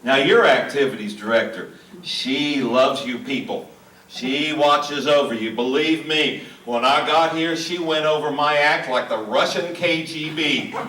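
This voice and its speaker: High-voiced middle-aged man doing stand-up. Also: unhurried, sharp tone, slight background noise. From Hot Springs, Arkansas. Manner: folksy, self-deprecating, teasing the crowd. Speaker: stand-up comedian. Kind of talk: stand-up comedy set. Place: small auditorium at a senior living community. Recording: echoey room, mic heard from a distance.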